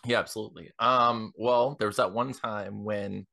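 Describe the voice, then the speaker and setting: A man's voice: mid-range voice, fairly even intonation, normal speed, gravelly, pushed and bright. A man on a tabletop game podcast improvising a silly ad story, hesitant and full of ums and you knows. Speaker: podcast cast member.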